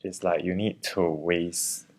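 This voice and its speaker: A man chats easily in a very low voice. His speech has a gravelly edge of vocal fry, and his delivery stays relaxed and agreeable as he talks over the room with his co-host. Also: slow. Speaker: vlogger. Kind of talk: casual conversation.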